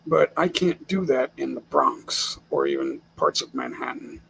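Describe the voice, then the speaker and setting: A man's voice: medium pitch, wildly swooping pitch, a little slow, vocal fry, a bit bright, slightly rough, low-quality recording. An older man from the United States hosting a casual live stream chat from home, speaking bluntly and with opinions, chuckling often.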